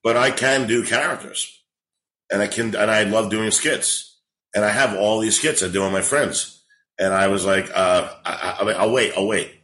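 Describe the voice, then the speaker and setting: The guest, a comedian in his forties, speaks in a lowish voice at a moderate pace over a low-quality recording. His storytelling is animated, profane, and meandering, in the style of a relaxed podcast chat.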